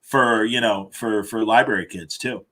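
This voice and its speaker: Host guy, bright voice, excited storyteller, stumbles and restarts a lot. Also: lowish voice, moderate pace. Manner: enthusiastic storyteller, hesitant restarts. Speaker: podcast host. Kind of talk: casual chat.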